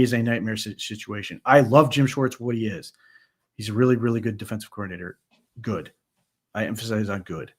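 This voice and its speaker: A man co-hosting a sports podcast, giving animated, conversational post-game analysis with frequent restarts. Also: medium pitch, breathy edge.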